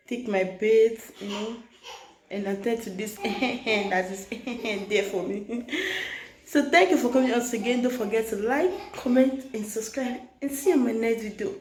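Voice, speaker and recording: A woman's voice: on the high side, a little slow, darkish tone, a little hiss or hum. Chatty Nigerian woman vlogging in echoey kitchen. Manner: chatty, laughs often, mixes Yoruba phrases into English. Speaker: vlogger and mother. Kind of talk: casual chat while cooking. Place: home kitchen.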